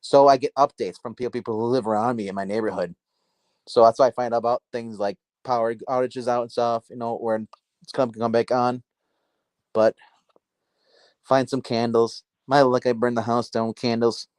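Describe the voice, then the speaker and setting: A man hosting a casual comic book livestream from his dark house, talking on a phone. His voice sits at an ordinary middle pitch and sounds dry, with no room around it. He rambles, doubles back and fills gaps with filler words. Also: steady tone, moderate pace, no echo. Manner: rambling, self-interrupting, filler-heavy.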